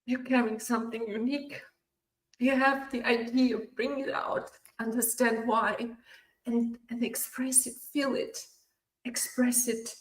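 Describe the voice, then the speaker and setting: A woman's voice: on the high side, level tone, a little slow. A woman giving a motivational keynote over a video call, repeating her phrases and affirming them with frequent "yes". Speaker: keynote speaker at a virtual summit. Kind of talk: motivational speech. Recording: roomy echo.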